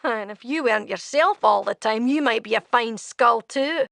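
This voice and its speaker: A prickly, gravelly young fiendish thief. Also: female voice, a little high, moderate pace, dry recording, studio quality. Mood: scornful. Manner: blunt, threatening, sharp-tongued. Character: prickly young female tiefling thief with a tail. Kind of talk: video game dialogue.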